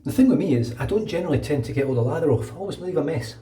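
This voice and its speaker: A Glaswegian man from Scotland talking casually and quickly while he shaves, dropping in asides like "know what I mean". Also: on the high side, animated, warm tone, reverberant, distant mic. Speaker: wet shaving channel host. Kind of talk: casual talk over a shave.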